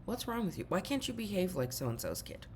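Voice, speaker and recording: A woman's voice: medium pitch, big pitch swings, a little fast, a little hiss or hum, pitched above the performer's own voice, close to an everyday voice. A woman mimicking a harsh scolding mother. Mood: berating. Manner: loud, berating.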